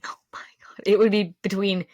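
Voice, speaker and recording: A woman's voice: medium pitch, little pitch movement, fairly quick, dark tone, dry recording, highs cut off. A woman co-hosting a podcast in casual chat, talking loosely with lots of fillers and laughing easily. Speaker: podcast co-host.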